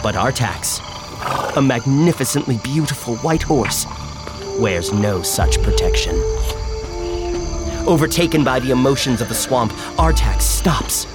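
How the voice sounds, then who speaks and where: Brief: male narrator, slow solemn script reading, lively pitch, loud music underneath.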